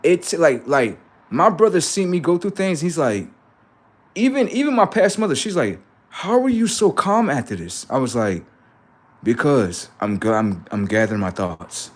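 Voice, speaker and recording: A middle-aged man rambling profanely to his livestream about his kids, acting out what they say in lively quoted voices. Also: mid-range voice, normal speed. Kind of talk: casual monologue to a livestream audience.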